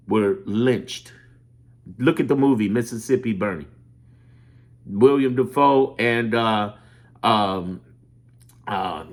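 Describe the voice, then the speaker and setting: A man from Chicago talking in a loose, animated monologue, rambling, swearing and laughing as he tells stories. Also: medium pitch. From Chicago, USA. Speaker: political commentator. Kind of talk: casual monologue.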